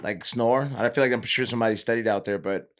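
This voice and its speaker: A young man, a podcast guest, talking at a middling pitch. He rambles in loose, slangy chat. He laughs often between thoughts. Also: fast. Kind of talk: casual chat.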